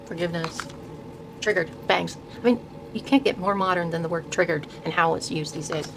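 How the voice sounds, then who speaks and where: An older woman with a lowish voice murmurs through a tarot deck walkthrough, reading card names one by one and stumbling over words as she restarts them. A steady hum of room ambience sits clearly behind her voice. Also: fairly quick. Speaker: host showing her tarot deck collection. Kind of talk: soft-spoken casual deck walkthrough.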